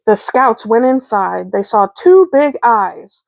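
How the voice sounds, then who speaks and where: Brief: woman reading a picture book aloud, unhurried, bright higher voice, dry close mic. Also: dry recording. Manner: slow, clear, expressive. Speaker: children's book reader. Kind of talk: storybook read-aloud.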